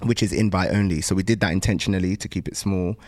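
A young adult man, a startup founder, talking casually in an interview, pausing often with ums and restarting sentences. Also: low-pitched, steady tone, a little mellow. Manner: thoughtful, frequent um pauses and restarts.

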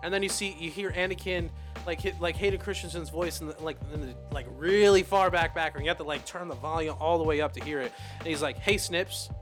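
A young man co-hosting a casual podcast, excitedly retelling a show scene with sound effects and swearing. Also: on the high side, quick pace, music in the background. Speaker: podcast co-host. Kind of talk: casual chat.

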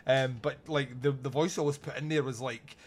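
A man hosting a podcast, reviewing a film in casual chat, animated and swearing often. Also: medium pitch, normal speed. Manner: animated, swearing, acts out lines in loud voices. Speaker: podcast host.

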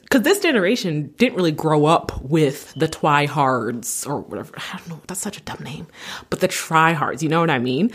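A woman's voice: low voice, breathy edge. A young woman vlogger in casual, rambling chat, often correcting herself. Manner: rambling, self-correcting, chatty.

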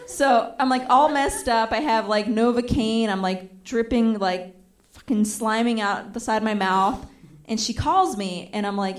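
A woman's voice: a little high, normal speed. A young adult woman telling a stand-up comedy story, acting out the voices of the people in it, with audience laughter behind her. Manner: animated, acts out quoted voices.

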